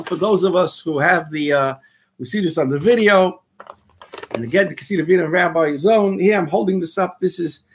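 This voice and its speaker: A man's voice: sits high, husky. A man, a rabbi giving blunt, fiery video commentary full of Yiddish and Hebrew terms. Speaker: rabbi and activist host.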